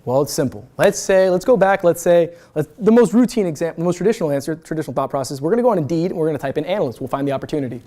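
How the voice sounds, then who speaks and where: Speaking rapidly, a young man in his twenties delivers a spirited motivational talk to students as a guest speaker at a university event room. His pitch jumps wildly, and he coaches them in a brash, pumped-up, casual way, cursing freely.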